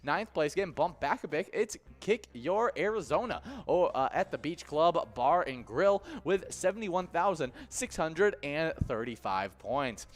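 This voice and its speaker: A man's voice: a little high, expressive, measured pace, hardly any pauses. A man co-hosting a live game stream, reading out player standings with an upbeat announcer cadence and a lift on each place called. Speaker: livestream co-host.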